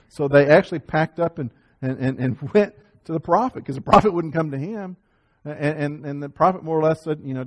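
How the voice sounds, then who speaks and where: A man preaching a Sunday sermon to his congregation, often repeating and restarting words and building to loud emphatic peaks. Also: a little high. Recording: sermon audio over slides.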